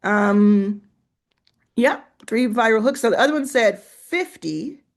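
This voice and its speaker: A woman's voice: fairly high pitch, lively intonation, takes it slowly. A woman hosting a casual screen-share tutorial, chatting and reacting as she goes, laughing to herself while she types and reads aloud. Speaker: host.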